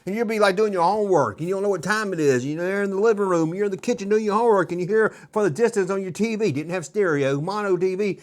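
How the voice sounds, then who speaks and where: A man's voice: high voice, fast talker, hardly any pauses. A middle-aged man hosting a casual show-and-tell vlog, rambling with jokes and nostalgic asides. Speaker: toy collector host.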